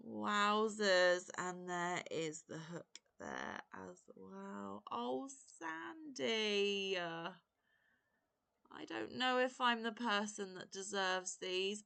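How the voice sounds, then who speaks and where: Gushing, effusive woman vlogger with a slow, bright voice. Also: medium pitch, animated, creaky. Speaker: crochet vlogger. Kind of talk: unboxing vlog.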